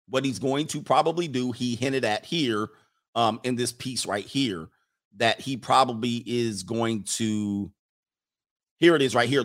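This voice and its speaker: Guy hosting his own livestream, chatty and jokey, rambles on, mid-pitched voice. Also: a bit bright. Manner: rambling, joking, talks back to himself. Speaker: live-stream host reading viewer chats. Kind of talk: casual live-stream commentary.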